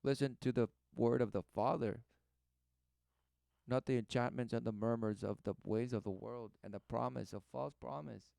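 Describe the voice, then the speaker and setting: Smooth-voiced man preaching over a clip. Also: mid-range voice, fairly even intonation, moderate pace, warm tone, no echo. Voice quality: exhorting, emphatic preaching manner. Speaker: commentator reacting to a video. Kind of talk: preachy religious commentary.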